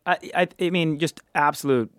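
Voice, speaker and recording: A man co-hosting a casual podcast chat, giving relationship advice while thinking out loud, with frequent stammering restarts. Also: a little high, moderate pace, dry recording, studio quality. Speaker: co-host.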